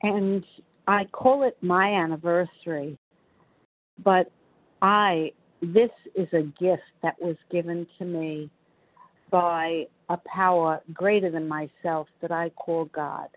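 A woman in her seventies with a New York accent, telling her recovery story in an earnest, measured way. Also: on the low side, no room sound. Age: 70s. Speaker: recovery meeting speaker. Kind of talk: personal testimony. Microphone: phone. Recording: tinny phone line.

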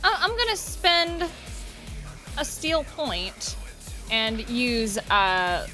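Excitable woman at a tabletop game, lively pitch, music under. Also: drawn-out words. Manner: excitable, whoops and laughs at good rolls. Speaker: player. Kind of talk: tabletop game play, casual banter.

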